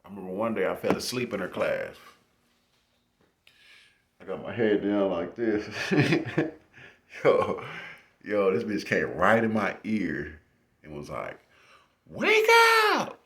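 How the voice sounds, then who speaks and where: Deep-voiced man telling stories, swearing freely. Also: slow pace, pauses often. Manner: profane, laughing, animated retelling. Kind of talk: casual storytelling. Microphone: phone.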